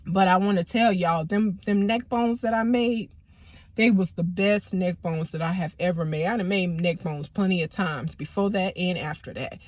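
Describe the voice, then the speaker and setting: A woman's voice: lowish voice, moderate pace, a little mellow, dry recording. A woman vlogger telling a personal story casually, rambling and swearing as she goes. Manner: profane, rambling, acts out quoted people.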